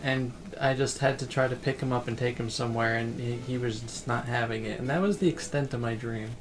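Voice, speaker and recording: A man's voice: mid-range voice, fairly even intonation, fairly quick, slight background noise. A man streaming a game casually, rambling as he plays and reading chat messages aloud.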